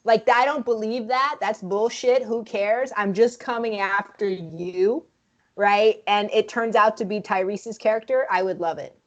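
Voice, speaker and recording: A woman co-hosting a casual film review chat, frank and profane, speaking in an animated way. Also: mid-range voice, unhurried, dull audio. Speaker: podcast co-host.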